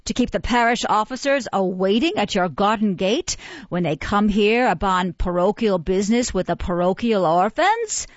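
A woman's voice: medium pitch, animated, no echo, lightly acted. A woman playing a pompous parish beadle. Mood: indignant. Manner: pompous, slow, oratorical. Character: pompous, self-important male parish beadle. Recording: dull, muffled, dry recording.

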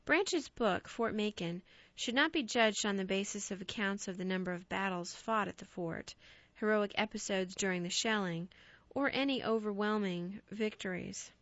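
A woman narrating ghost stories as an audiobook in a measured, expressive storytelling voice. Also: mid-range voice, no echo. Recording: dry, slightly dull recording.

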